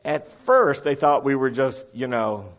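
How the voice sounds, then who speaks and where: A middle-aged man telling a story in a chatty, animated way, often checking that his listeners follow. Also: mid-range voice, a little slow. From United States. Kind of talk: casual anecdotal storytelling. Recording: dull lo-fi recording.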